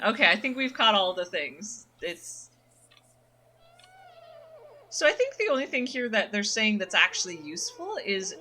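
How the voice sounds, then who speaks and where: A woman's voice: mid-range voice, lively intonation, moderate pace, pushed and bright, a little hiss or hum. A woman streaming a game, chatting casually and thinking aloud from her dim room at night. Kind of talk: casual let's-play commentary.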